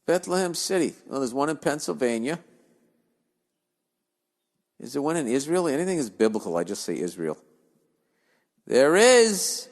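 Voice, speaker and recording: A man's voice: medium pitch, lively intonation, brisk, gravelly, pauses often, a little mellow, big-room sound. A man hosting a podcast, reading listener letters aloud and breaking into profane, grumbling comic rants and digressions. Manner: swears freely, grumbles and digresses. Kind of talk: profane comedic rant.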